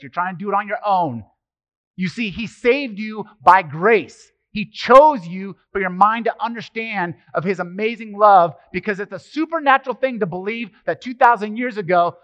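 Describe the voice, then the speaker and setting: A middle-aged man preaching a casual, conversational sermon as pastor, animated and joking, throwing rhetorical questions at the congregation. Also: sits high. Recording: slightly muffled, dry sermon recording.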